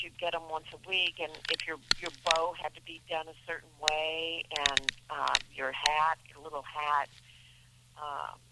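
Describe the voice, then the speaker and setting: A woman's voice: low-pitched, pushed and bright, slight background noise, low-quality recording. A middle-aged woman, an actress guest in a radio interview, talking in a chatty, rambling way with many restarts.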